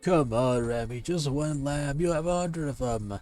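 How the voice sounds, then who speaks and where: A man's voice: on the high side, a little slow, a little mellow, faint music behind, pitched above the performer's own voice, close to an everyday voice. A man voicing a sly, hungry male wolf in a playful dramatic reading of a comic, whiny and theatrically pleading.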